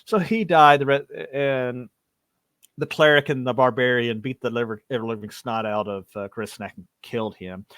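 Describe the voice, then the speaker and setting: Casting: male game master, mid pitch, dry close sound, loose narration for a tabletop stream. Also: a bit bright, clear, resonant tone, no room sound. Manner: loose, rambling, many fillers and restarts.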